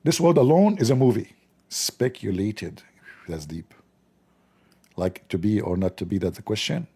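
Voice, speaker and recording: Male stream host, sarcastic and mock-outraged, husky dark voice. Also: lowish voice, sing-song, quick pace. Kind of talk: joking live news commentary.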